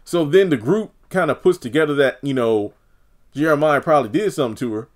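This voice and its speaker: A man's voice: a little high, a little fast. Chatty man recapping a TV episode. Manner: chatty, opinionated, many fillers, acts out characters' lines. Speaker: TV episode reviewer. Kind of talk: casual recap commentary.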